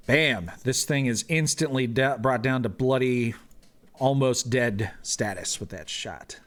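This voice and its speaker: A man's voice: mid-range voice, measured pace, fairly bright tone. A man explaining rules and narrating the action as game master of a tabletop game, laughing easily.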